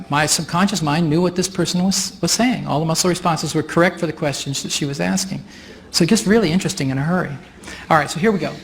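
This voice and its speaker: A man with a fairly high voice leads a live workshop demonstration from a stage. He explains each step in a chatty, easygoing way and laughs often. Faint room noise sits behind him. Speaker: workshop facilitator. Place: stage before an audience.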